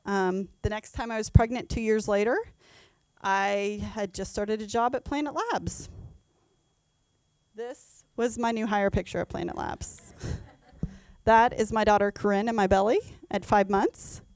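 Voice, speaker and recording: A woman's voice: medium pitch, fairly even intonation, unhurried, clear, resonant tone, no room sound. A woman in her thirties, an HR leader presenting a conference talk with frequent ums and self-corrections. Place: event venue.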